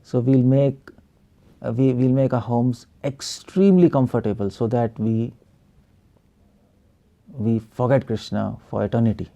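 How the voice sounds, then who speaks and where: A man's voice: mid-range voice, fairly even intonation, a little slow, creaky, long pauses, mellow. A male preacher giving an online spiritual class over a video call, firing rhetorical questions at the class and chuckling often.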